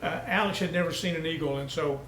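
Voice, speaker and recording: Folksy preacher man, high-pitched and roomy. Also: quick pace, fairly bright tone, a little hiss or hum. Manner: folksy storytelling preacher, rising to emphatic peaks. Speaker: pastor. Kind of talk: sermon.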